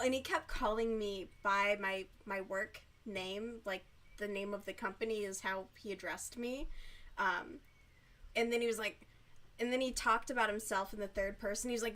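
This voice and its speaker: A woman's voice: medium pitch, fairly even intonation, normal speed, bright, forceful tone. Young-sounding lady rambling on stream while crocheting, giggly, swears a lot. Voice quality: youthful-sounding. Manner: chatty, giggly, swears casually. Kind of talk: casual chat while crocheting.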